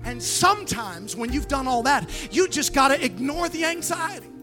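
A woman pastor preaching a fervent sermon, calling on the crowd to answer back, with a sing-song, drawn-out phrasing. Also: high-pitched, animated, over music. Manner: emphatic preaching with call-and-response.

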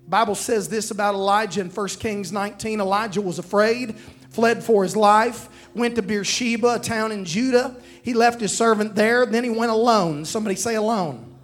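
A man preaching a sermon, calling out to the congregation to repeat after him and quoting scripture. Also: sits high. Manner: preaching with call-and-response to the congregation.

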